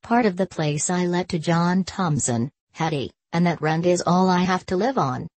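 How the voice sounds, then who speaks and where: A woman reading the lines of a poor, gentle elderly spinster in a storybook. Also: lowish voice, normal speed, no echo, lightly acted. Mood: wistful. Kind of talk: storybook character voice.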